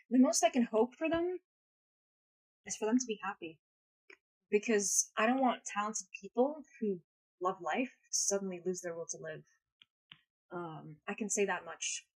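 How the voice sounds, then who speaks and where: A woman's voice: medium pitch, rough recording. A woman chatting casually on a live stream, rambling, crude and self-mocking, swearing freely. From United States.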